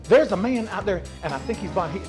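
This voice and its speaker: A man's voice: sits high, expressive, fast, darkish tone, soft background music. A man in drag persona, hosting a comedic cooking show and telling sassy, salty joke stories in a kitchen. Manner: sassy, salty storytelling with laughs.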